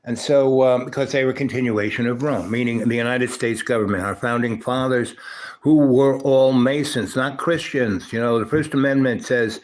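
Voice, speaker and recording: A man's voice: medium pitch, moderate pace. A man hosting a livestream, telling a long rambling story from his school days, peppered with "you know" and "right?". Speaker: livestream host.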